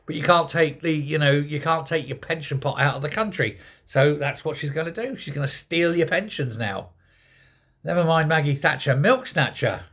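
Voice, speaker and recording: A man's voice: fairly high pitch, normal speed, fairly bright tone. An older man giving a scornful, sarcastic opinion rant as a political commentator.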